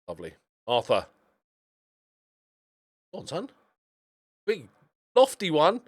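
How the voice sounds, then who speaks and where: Lively, chatty man commentating a game. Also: a little high, takes it slowly, pauses often. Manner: chatty, cheering on matches as they play. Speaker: video game streamer. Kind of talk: let's-play commentary. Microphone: desk microphone.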